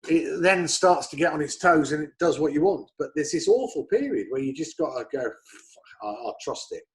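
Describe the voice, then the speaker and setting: Guest: middle-aged English man, animated yarn-spinner, lively pitch, a touch high. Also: fairly quick, poor audio. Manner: animated storyteller, swears freely. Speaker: guest racing driver. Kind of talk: casual chat.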